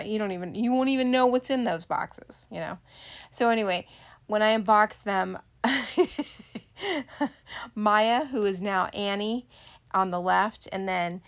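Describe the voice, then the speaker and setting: A middle-aged woman chatting casually to camera about her doll collection. She rambles and makes joking, self-deprecating asides. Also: medium pitch. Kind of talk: casual unboxing chat to camera.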